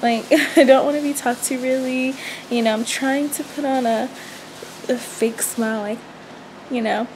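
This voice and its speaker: Pregnant young woman vlogger, bit high, rambling and cranky, faint noise behind. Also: steady tone, a little slow, a little mellow. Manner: rambling, chatty, cranky and stressed. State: pregnant and tired. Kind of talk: casual vlog chat.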